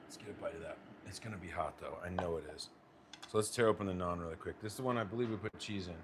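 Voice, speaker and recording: Young american dude, low-ish voice, chatting away in his kitchen, bit of room hum. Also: quick pace. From United States. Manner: chatty, talks to partner and viewers while plating. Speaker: cooking vlogger. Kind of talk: casual cooking vlog. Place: home kitchen.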